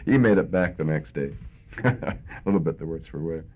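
An older Canadian man recalling his wartime service in an oral history interview, reflective and hesitant, with many pauses and fillers. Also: extremely low pitch, expressive, husky. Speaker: veteran interviewee. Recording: tinny phone-like lo-fi recording.

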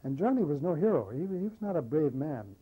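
An older man recounting wartime memories in an oral history interview, a lively storyteller who acts out the dialogue. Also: a little high, fairly quick, breathy edge, narrow, tinny audio. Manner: lively anecdotal storyteller, animates quoted dialogue. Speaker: war veteran interviewee.

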